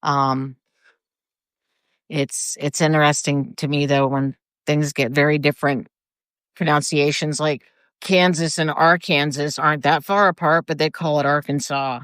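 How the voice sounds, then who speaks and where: A woman's voice: sits low, flat delivery, unhurried, fairly bright tone, clean tone, no echo, studio quality. An older woman rambling casually on a live video from her front porch, greeting viewers by name. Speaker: livestreamer. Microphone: phone or camera for a live video.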